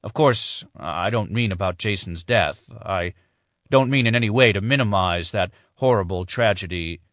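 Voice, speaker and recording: Audiobook part: a nervous middle-aged colleague, hurried and placating, as a male narrator voices him, close and dry. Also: on the low side, a bit bright, dry recording, close to an everyday voice. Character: anxious middle-aged male law partner.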